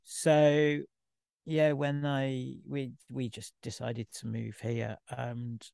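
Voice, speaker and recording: A man talks in a loose, rambling way, candid and self-deprecating. His voice has a gravelly edge at a middle pitch. The sound is close and dry. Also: level tone, slow pace, darkish tone, no echo. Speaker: guest artist. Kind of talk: informal podcast conversation.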